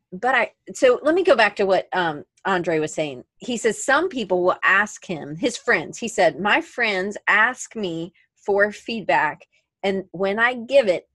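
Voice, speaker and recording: A woman's voice: fairly low pitch, a bit bright, dry recording. A woman co-hosting a podcast in casual chat, rambling and correcting herself as she talks. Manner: chatty, rambling, self-correcting. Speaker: podcast co-host.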